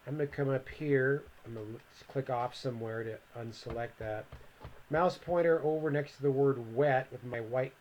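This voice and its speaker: A man at a middle pitch walks through a software lesson one click at a time. He talks in a relaxed, thinking-aloud way, as if narrating his own screen for students. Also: moderate pace, dull audio, a little hiss or hum. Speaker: computer instructor. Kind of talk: screen-recorded software tutorial.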